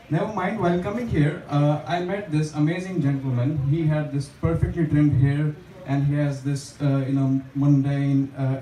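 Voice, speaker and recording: A man's voice: a little high, mellow. Young man doing chatty stand-up. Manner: chatty, self-deprecating, lots of fillers. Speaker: stand-up comedian. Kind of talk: open mic stand-up. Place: small bar stage with a live audience. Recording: echoey bar room, distant mic, audience laughter.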